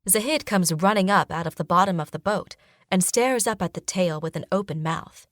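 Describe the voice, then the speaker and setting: A woman reading a first-person fantasy audiobook in a steady narration style. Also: fairly low pitch, moderate pace, no echo, studio quality.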